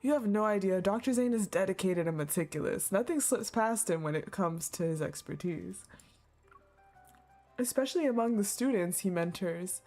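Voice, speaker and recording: Excitable woman streamer with a lively voice. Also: mid-range voice, moderate pace, faint music behind. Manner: excitable, laughs a lot, reads the story aloud. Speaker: streamer reacting to a game. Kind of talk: casual live reaction.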